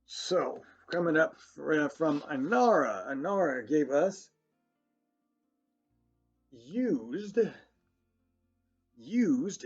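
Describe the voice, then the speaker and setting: Give me a male teacher for young kids, with a slightly raised, husky voice, who talks slowly and warmly praises every answer. The recording is dull and lo-fi, with faint music underneath. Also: fairly high pitch. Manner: slow, encouraging, praising often. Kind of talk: children's phonics lesson.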